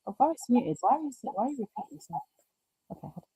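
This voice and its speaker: British lady hosting a craft stream, bouncy up and down voice, warm and mellow, chats away. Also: on the high side, very animated, very fast, husky, no room sound. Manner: chatty, reads chat aloud, talks to herself through tech glitches. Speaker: live stream host. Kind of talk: chatty live craft stream.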